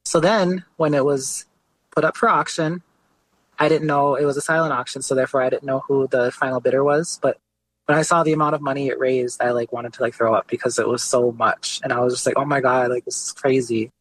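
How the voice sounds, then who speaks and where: Male guest artist, casual interview talk, easygoing storyteller, mid-pitched voice. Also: brisk, no echo, rough recording. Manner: relaxed storytelling with frequent "like" and "you know" fillers.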